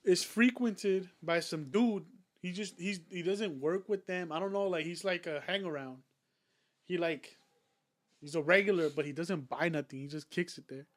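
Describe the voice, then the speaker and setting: Young male podcast host, slightly higher voice, loose rambling storyteller, swears a lot, casual banter. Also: moderate pace, no room sound. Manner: rambling, profane storytelling full of "like". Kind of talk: casual chat.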